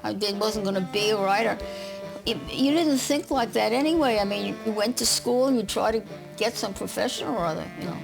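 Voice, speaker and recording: An older woman with a gravelly, creaky edge, talking in a thoughtful, unhurried documentary interview. She circles back on her words, repeating little phrases as she gathers her thoughts, then shifts into reading her own writing aloud. Faint music plays underneath. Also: mid-range voice, poor audio. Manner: reflective, halting with small repetitions. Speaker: writer.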